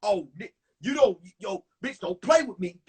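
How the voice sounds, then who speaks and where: A jealous, menacing big man barks out slow, loud threats, as a man puts him on. His voice is husky and sits high. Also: lively intonation, heavily acted. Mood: angry.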